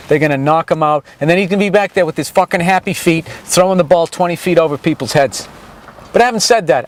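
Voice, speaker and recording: Moving along a city street outdoors, this vlogger delivers a sarcastic, foul-mouthed comedic ramble. His voice is a little high, and the recording quality is low.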